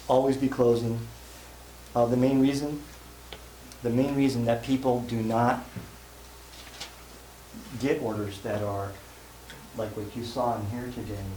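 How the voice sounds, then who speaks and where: Warm in tone and mid-range in pitch, a man's voice carries through a conference hall as he presents a live sales seminar to an audience. He shares self-deprecating, folksy anecdotes and cracks jokes along the way, with the hall's echo and faint room noise audible.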